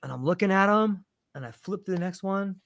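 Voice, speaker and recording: A man telling a story in a casual chat, lively and acting out the voices of the people in it. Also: high-pitched, a little fast, vocal fry, no room sound, studio quality. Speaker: panel guest telling a story.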